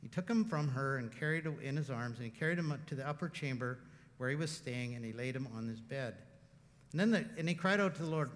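A man preaching as a pastor. He shifts from hushed, tender passages to loud, impassioned ones, and he often laughs. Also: medium pitch, lively intonation, quick pace, in a large hall. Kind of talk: sermon.

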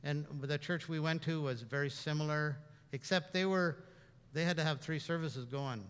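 A man's voice: a little high, normal speed, smooth, big-room sound. A middle-aged man from Canada, a pastor preaching a conversational sermon in a church, often repeating words and rising for emphasis. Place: church sanctuary.

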